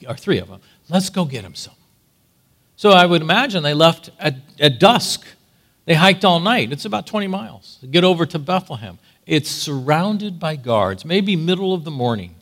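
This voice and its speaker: A male pastor preaching a sermon, telling stories with dramatic swings between loud and hushed. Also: a little high. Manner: animated storytelling, dramatic swings.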